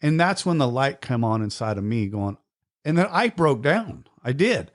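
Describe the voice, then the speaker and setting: Male podcast host, mid-pitched, blunt and salty-tongued, emotional storyteller. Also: normal speed. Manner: blunt and profane, animated storytelling; gets emotional. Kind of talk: casual chat.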